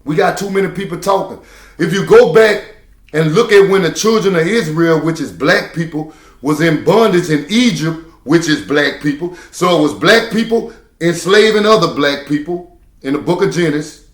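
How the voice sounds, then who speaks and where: A man holds forth on camera in a preachy, emphatic monologue, circling back to the same phrases to drive each point home. His voice sits a little high for a man. The sound rings around an echoey room. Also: lively intonation, moderate pace. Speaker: truck driver.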